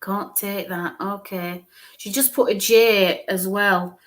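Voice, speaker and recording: A woman's voice: mid-range voice, steady tone, takes it slowly. A woman medium giving a live-streamed psychic reading, musing aloud, hesitant, repeating sounds and letters.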